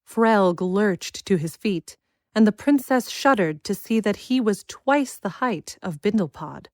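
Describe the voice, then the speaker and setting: A woman reading a children's fantasy story aloud in a measured, expressive style. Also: mid-range voice, no echo, studio quality. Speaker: narrator. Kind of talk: scripted audiobook narration.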